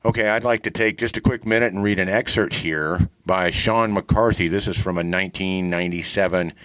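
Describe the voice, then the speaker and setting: A middle-aged man hosting a podcast, telling a long rambling story with deadpan humor and many fillers. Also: deep voice, a little fast. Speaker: podcast host. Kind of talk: casual storytelling monologue.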